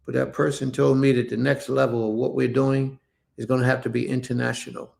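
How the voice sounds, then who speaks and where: Gravelly man leading an online service. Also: mid-range voice, level tone, fairly quick, darkish tone. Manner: repetitive, emphatic, addresses listeners as family. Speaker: congregation leader. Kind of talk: online religious service, casual preaching.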